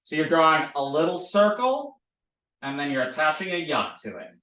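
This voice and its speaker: A fairly high-pitched man at a moderate pace teaches a recorded lesson on drawing letters, playfully and animatedly repeating sound drills. The language teacher sits at a distance from the mic, so the sound is roomy and a bit off-mic.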